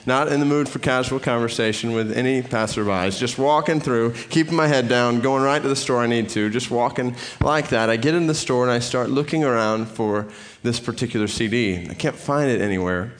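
Male preacher, middle-aged, storytelling sermon, mid-pitched voice. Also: fairly quick. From Atlanta area, US. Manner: storytelling, animated retelling.

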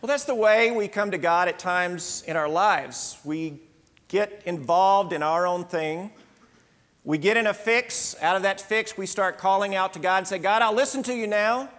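High-voiced preacher in an echoing hall. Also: male voice, fairly bright tone. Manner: earnest, emphatic, pausing between short phrases. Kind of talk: sermon.

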